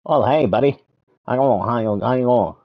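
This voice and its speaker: Man, live streamer, playful gameplay chatter, hums and taunts, mid-pitched voice, dull lo-fi sound. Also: a little fast. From Canada. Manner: playful, humming and taunting to himself. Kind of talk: casual gameplay commentary.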